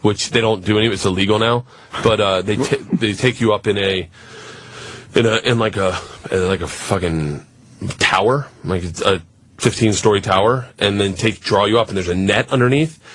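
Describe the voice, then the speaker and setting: A man telling a long, profane story on a radio talk show, animated and acting out the other people in it. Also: fairly low pitch, moderate pace, no room sound. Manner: animated, profane, acts out voices in his stories.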